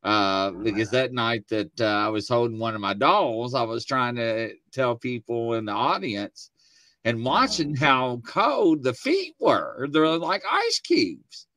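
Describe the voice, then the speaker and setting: A man hosting a casual chat show from his studio, telling stories with lively acted-out quotes. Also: medium pitch, takes it slowly, dry recording. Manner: animated storyteller, acts out quotes. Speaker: host. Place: home studio.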